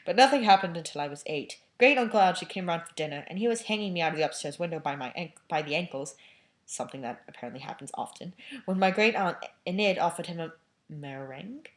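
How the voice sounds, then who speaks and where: A woman's voice: on the low side, expressive, quick pace, lightly acted. A woman reading aloud and voicing a shy, earnest young schoolboy telling a family story.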